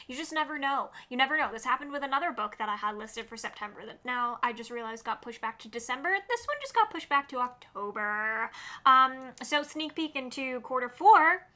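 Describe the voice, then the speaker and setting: A woman's voice: on the high side, bright, forceful tone. A woman vlogging about upcoming books in a casual, gushing, upbeat way, with lots of "like" in her speech. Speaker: book vlogger. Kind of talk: casual chatty book rundown.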